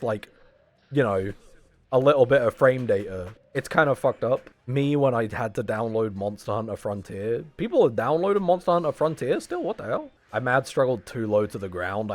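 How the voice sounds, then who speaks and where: A man in his twenties chatting casually on a stream, joking and swearing as he rambles, his voice strained and tired. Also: medium pitch. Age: 20s. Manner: rambling, jokey, swears often. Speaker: fighting game podcast co-host.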